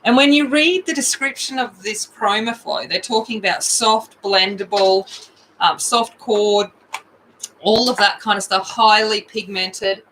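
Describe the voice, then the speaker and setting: Australian woman, livestream host, unhurried rambling chat, bright tone. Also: mid-range voice, a little hiss or hum, low-quality recording. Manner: chatty, rambling, with excited outbursts.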